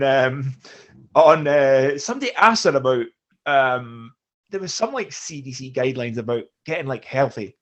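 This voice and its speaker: A man co-hosting a casual podcast, with an ordinary mid-pitched voice. He talks animatedly, swears often and mocks with outrage. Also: lively intonation, moderate pace, fairly bright tone. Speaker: podcast co-host.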